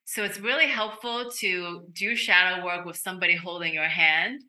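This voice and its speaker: A woman speaking as a podcast guest, a medical intuitive telling an earnest, animated story. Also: on the low side, normal speed. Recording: roomy echo.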